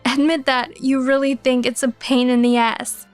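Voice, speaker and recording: Snide young guy, woman reading him, mocking and scornful, high voice, slow drawl. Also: level tone, no room sound, faint music behind, close to an everyday voice. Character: sneering young man, mocking rival job seeker.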